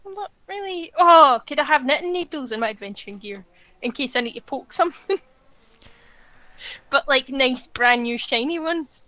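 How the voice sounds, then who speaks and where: A woman's voice: high-pitched, lively intonation, normal speed, bright, forceful tone, no room sound, rough recording. A young woman playing a tabletop game, describing her character's actions in a hesitant way with many fillers and laughs.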